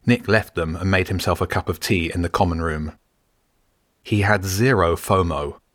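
A man reading a story aloud in steady, measured scripted narration. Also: low voice, no room sound, clean studio sound. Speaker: audiobook narrator.

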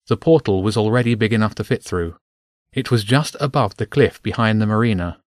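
A man narrating a children's adventure story aloud with an expressive reading. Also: on the low side, normal speed, no room sound, studio quality.

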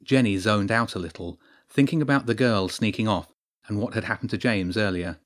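A man narrating a story in a steady storytelling voice. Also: fairly low pitch, fairly quick. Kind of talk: scripted narration.

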